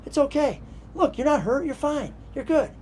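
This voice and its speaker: Tough uncle, soft-spoken comfort, hushed and gentle, voice lifted well above his own, as a man tells the story. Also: very high-pitched, expressive, moderate pace, slight background noise, pitched above the performer's own voice. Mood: soothing. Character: tough uncle soothing a scared boy.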